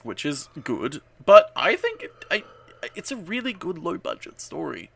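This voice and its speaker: A man's voice: a little high, wildly swooping pitch, measured pace, creaky, a bit bright, husky. A man co-hosting a podcast, chatting casually with lots of "um"s and the odd swear. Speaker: podcast co-host. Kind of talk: casual recap chat.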